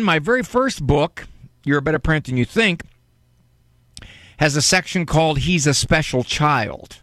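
A man's voice: fairly high pitch, a bit bright, no room sound, clean studio sound. A man hosting a call-in parenting advice radio show, talking conversationally with fillers and small jokes. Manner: joking, conversational, with filler words. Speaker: radio call-in host and psychologist. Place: radio studio.

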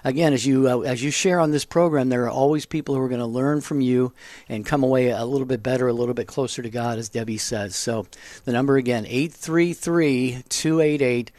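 A man co-hosting a Catholic call-in radio show, steady and affable, giving the phone number and station plugs. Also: medium pitch, fast talker, no echo.

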